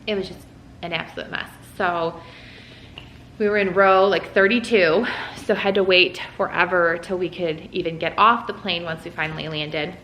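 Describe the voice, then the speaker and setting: A woman's voice: lowish voice, steady tone, normal speed, pushed and bright, echoey room, a little hiss or hum, low-quality recording. A young woman vlogger casually telling a story at home while folding laundry, full of "like" and "um". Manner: chatty, lots of "like" and "um". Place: room at home.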